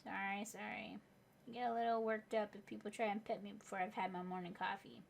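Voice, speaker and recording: A woman's voice: mid-range voice, level tone, fairly quick, vocal fry, a little hiss or hum, natural voice. A woman voicing a small, fussy, polite male dog professor, lecturing and apologizing formally while reading a game aloud.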